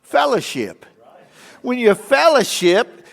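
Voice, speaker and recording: Lively older man telling folksy stories. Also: fairly high pitch, normal speed. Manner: lively, imitates animal calls. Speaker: guest speaker at a church event. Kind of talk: folksy humorous storytelling. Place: church sanctuary. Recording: long reverb of a church hall.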